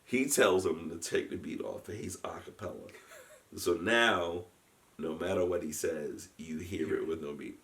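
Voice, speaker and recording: A man telling a story in a casual chat. He is animated, often laughs and restarts his sentences. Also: deep voice, moderate pace. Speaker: guest storyteller, convention founder.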